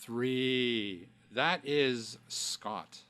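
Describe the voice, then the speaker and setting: Man, podcast host, mid-pitched voice, relaxed chat, dry sound. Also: extremely slow, clean tone, no echo. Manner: relaxed, frequent "you know" fillers. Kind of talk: casual chat.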